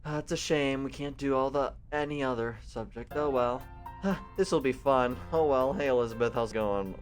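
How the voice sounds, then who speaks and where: A man's voice: medium pitch, normal speed, soft background music. A man reading a visual novel aloud as a let's play, with playful, rambling asides.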